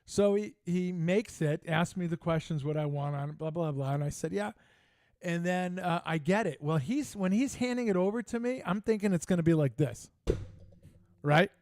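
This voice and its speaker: A man's voice: a little high, normal speed, no echo. Brash older man telling stories. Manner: animated, brash, joking storyteller. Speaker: podcast host. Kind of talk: casual storytelling chat.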